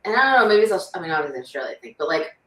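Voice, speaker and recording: A woman from New York chats as a guest, animated and playful, slipping into quick imitations of accents. Her voice swings up and down in pitch. She sits back from the microphone in a roomy, echoing space. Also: distant mic. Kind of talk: casual chat. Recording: roomy, off-mic.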